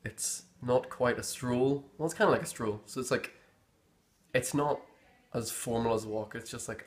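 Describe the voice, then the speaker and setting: With a medium-pitched voice at a normal speed, a young Northern Irish man gives a relaxed explanation of local slang in his native accent. He rambles amiably and pauses to search for the right words.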